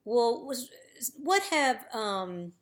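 A woman's voice: fairly high pitch, big pitch swings, drawn-out words. A woman interviewing a fellow actress, friendly and agreeing, laughing along. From American South. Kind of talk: casual interview chat.

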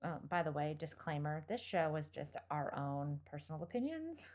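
A woman's voice: deep voice, big pitch swings, normal speed, a little mellow. A woman co-hosting a podcast, telling a true crime story in a chatty, blunt way with lots of fillers. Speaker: podcast co-host.

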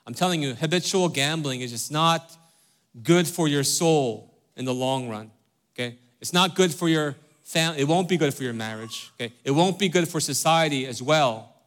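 A man's voice: on the high side, moderate pace, a bit bright. A middle-aged man preaching a sermon as pastor, conversational and earnest, often checking in with "right?" and "okay?". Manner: conversational, many fillers and tag questions like "right?" and "okay?"; direct and earnest with the congregation.

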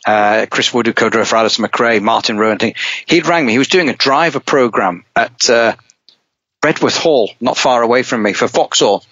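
A middle-aged man, a rally driver, telling a long anecdote in casual talk, lively and rambling, with many restarts. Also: mid-range voice, moderate pace, dry recording. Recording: dull, dry podcast audio.

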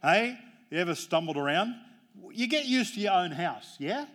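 Joking preacher, fairly high voice. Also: male voice, animated, normal speed, a bit bright. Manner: jokey, storytelling preacher with emphatic rises. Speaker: pastor. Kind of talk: sermon.

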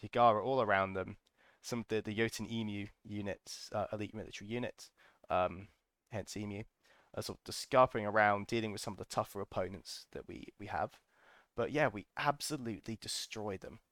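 A man's voice: on the low side, fairly quick, fairly bright tone, dry recording, studio quality. A man hosting a podcast, telling a casual, enthusiastic story full of ums and restarts. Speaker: podcast host.

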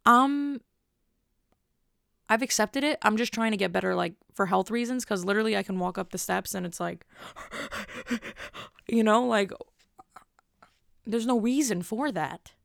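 A woman's voice: mid-range voice, moderate pace, vocal fry, long pauses, fairly bright tone, no room sound, studio quality. A woman in her twenties telling a rambling, self-deprecating story in a casual monologue. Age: 20s. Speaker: vlogger.

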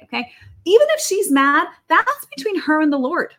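Woman podcast guest, high-pitched, emphatic conversational preacher. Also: animated, fast talker, pushed and bright. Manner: emphatic, fervent, repeats for stress.

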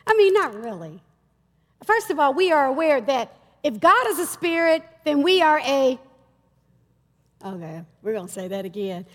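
A woman minister preaching a sermon, talking to the congregation in a lively, chatty way and calling out to them often. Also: sits high, moderate pace, in a large hall. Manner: lively, conversational preaching with audience call-outs. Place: church stage.

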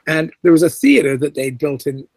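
Animated, slightly high-voiced man telling stories. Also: brisk, creaky, no room sound. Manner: animated storyteller who acts out quoted voices. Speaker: guest actor. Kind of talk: anecdotal storytelling in an interview.

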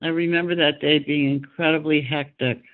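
A man's voice: fairly high pitch, flat delivery, moderate pace. A man, a set decorator, recalling a hectic shoot in an interview. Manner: reflective, recalling. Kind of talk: interview recollection. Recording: tinny phone-like line.

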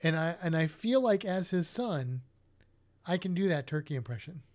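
A man's voice: a little high, animated, normal speed, darkish tone. A man co-hosting a podcast in casual, rambling chat, often restarting his sentences. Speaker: podcast co-host.

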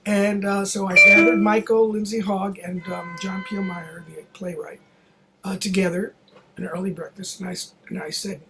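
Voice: mid-range voice, flat delivery, moderate pace, sharp tone, slight background noise, low-quality recording. Older theater producer telling a chatty story. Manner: chatty, many fillers and restarts, quotes others in dialogue. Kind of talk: anecdotal storytelling.

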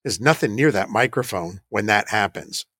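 A man's voice: lowish voice, lively intonation, normal speed, a bit bright, husky, no room sound, clean studio sound. A man who leads a paranormal investigation team, telling an anecdote in a chatty, self-deprecating way with occasional laughs. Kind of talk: casual anecdotal storytelling.

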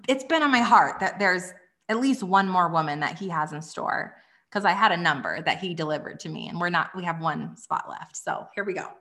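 A woman in her thirties coaches a live online workshop with a bright, forceful voice. She talks with eager, urgent energy, pushing the offer and checking in with quick asides. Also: mid-range voice. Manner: energetic, enthusiastic, pushes urgency with many "okay?" asides. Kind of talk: live workshop sales pitch.

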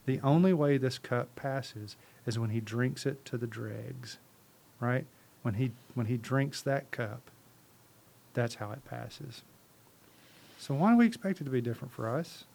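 His voice is medium in pitch, slightly mellow, a little slow and touched with vocal fry. He is a ministry leader speaking as a podcast guest, preaching fervently and conversationally through rhetorical questions and repeated words.

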